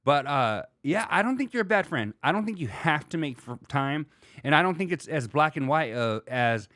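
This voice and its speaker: A man's voice: a little high, lively intonation, normal speed, fairly bright tone, no echo, studio quality. A man hosting a solo livestream, chatting loosely and rambling as he reads viewer comments, swearing now and then. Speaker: livestream host.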